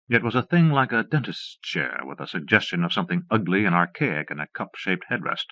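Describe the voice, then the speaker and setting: Low-voiced man reading an old audiobook. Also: very animated, a little fast, few pauses, bright, forceful tone, no room sound. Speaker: audiobook narrator. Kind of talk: audiobook narration. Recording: dull dry cassette audiobook.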